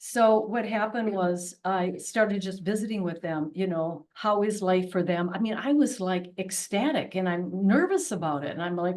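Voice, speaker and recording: A woman's voice: medium pitch, a little mellow, far from the mic. Emotional woman telling a story from afar. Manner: earnest, emotional, halting with restarts. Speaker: presenter. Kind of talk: public talk, personal story. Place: public meeting hall.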